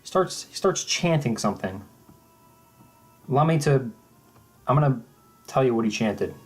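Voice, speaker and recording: A young man tells a mock-serious story in a flat, deadpan way, often stopping and restarting his sentences. His voice sits in the middle of the male pitch range. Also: breathy edge, faint music behind. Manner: halting and deadpan, with many restarts. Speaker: vlogger.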